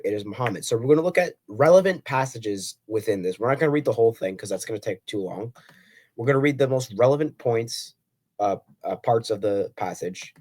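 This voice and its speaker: A man hosting a solo video, reading scripture verses aloud and arguing his points with pointed rhetorical questions. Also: a little mellow. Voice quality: voice cracks on high notes. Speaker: Christian apologetics video host.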